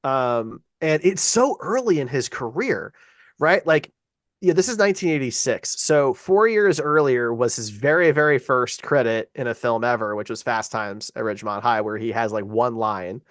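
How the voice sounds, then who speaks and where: A man's voice: medium pitch, lively intonation, moderate pace, no echo. Man, podcast co-host: easygoing, agreeable, chatty, dry close-miked sound. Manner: agreeable, chatty, trivia-sharing. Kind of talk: casual chat.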